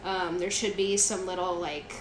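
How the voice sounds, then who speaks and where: A young adult woman co-hosting a podcast, chatting in a relaxed, easy way. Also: lowish voice, normal speed, a loud crowd. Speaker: podcast co-host. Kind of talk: casual chat. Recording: roomy echo with clear background noise.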